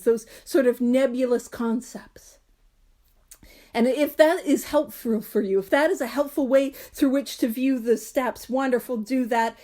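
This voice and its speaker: A woman's voice: high voice, mellow. A woman leading a study group, reading passages aloud and explaining them in an earnest, emphatic way with self-deprecating asides.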